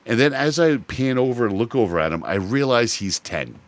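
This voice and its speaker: A middle-aged man hosting a podcast, chatting casually about games and telling animated stories, swearing freely. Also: mid-range voice, brisk. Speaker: podcast host. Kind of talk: casual chat.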